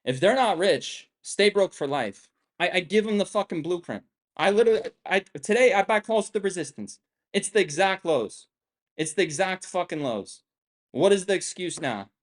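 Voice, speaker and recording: A man's voice: high voice, animated, normal speed. A young man hosting a trading live stream, ranting with constant swearing, boastful and combative, firing off the same rhetorical questions again and again. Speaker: trading livestream host. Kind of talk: profane live-stream rant.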